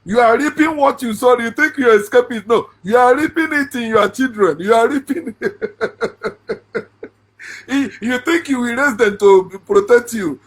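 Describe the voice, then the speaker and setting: Husky Nigerian man, mocking and laughing. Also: extremely high pitch, a little slow. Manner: laughs often, sarcastic, rising into shouts. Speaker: online Bible commentator. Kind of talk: mocking monologue on scripture.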